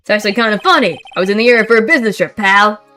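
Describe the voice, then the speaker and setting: Brief: woman voicing eager male cop, shouty, blustering, faint music behind. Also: mid-range voice, very fast, lightly acted. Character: loud eager male police detective.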